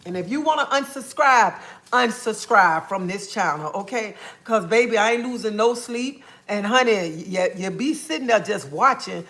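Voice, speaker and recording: Woman live-streaming, sassy and blunt, bright edgy voice, middle pitch, keeps saying "okay?". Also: expressive, moderate pace. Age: adult, a mother. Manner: sassy, blunt, calls viewers honey and baby; repeats "okay?" after points. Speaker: livestreamer. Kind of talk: casual live-stream rant.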